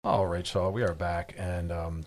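A man's voice: low voice, level tone, unhurried. A man hosting a radio advice show, talking through relationships in a reflective, conversational way with personal stories.

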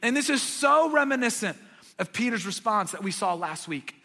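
A man's voice: high voice, expressive, normal speed, creaky, pushed and bright, big-room sound. A man preaching a sermon, retelling a scene with vivid dramatic emphasis. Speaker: pastor.

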